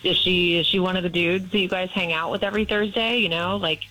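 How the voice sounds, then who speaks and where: A woman with a bright, sharp voice speaks over a phone line on a radio broadcast. She is sarcastic and confrontational. Her voice cuts through clearly. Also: on the low side, steady tone, quick pace, soft background music. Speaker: caller.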